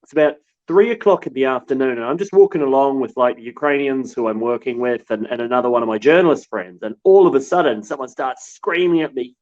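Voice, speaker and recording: A man from New Zealand, a war correspondent, telling stories in a relaxed, halting way. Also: mid-range voice, highs cut off. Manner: relaxed storytelling with many restarts. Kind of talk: casual remote interview.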